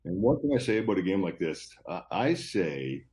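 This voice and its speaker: Low mellow-voiced male handicapper. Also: very animated, normal speed. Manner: rambling, confident, repeats himself. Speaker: sports handicapper guest. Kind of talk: casual podcast chat.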